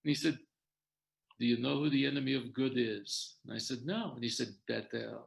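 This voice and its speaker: A man's voice: mid-range voice, moderate pace, creaky. An older man telling his own story in a talk, quoting others' words as he goes. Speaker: guest sharing his story.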